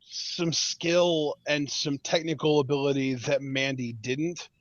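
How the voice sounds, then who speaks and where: A man's voice: on the high side, fairly even intonation, slow pace, dry recording. A man co-hosting a casual wrestling review podcast, giving emphatic, opinionated takes with frequent restarts. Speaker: podcast co-host. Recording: dull lo-fi dry podcast audio.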